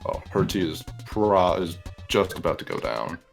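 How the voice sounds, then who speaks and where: A man's voice: deep voice, expressive, moderate pace, vocal fry, faint music behind. A man casually chatting while playing a video game, mumbling and trailing off with fillers. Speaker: let's play host. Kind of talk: casual gaming chat.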